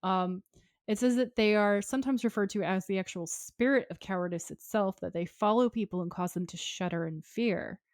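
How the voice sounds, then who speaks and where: A woman's voice: medium pitch, normal speed, no echo, clean studio sound. A woman co-hosting a podcast, retelling a TV episode scene by scene in casual chat and acting out the quotes. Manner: animated retelling, acts out quotes. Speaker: podcast co-host.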